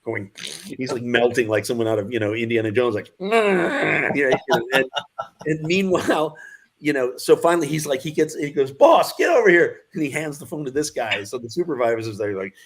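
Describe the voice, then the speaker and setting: A man's voice: medium pitch, lively intonation, normal speed. A man around sixty, a guest filmmaker, telling anecdotes in a casual interview and acting out the voices of the people in them.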